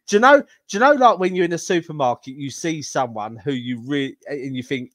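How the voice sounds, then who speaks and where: A laid-back man chats jokily as a podcast co-host, laughing often. His voice sits slightly high. The sound is close and dry, with little room. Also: expressive, moderate pace, fairly bright tone, no room sound. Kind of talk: casual comedic chat.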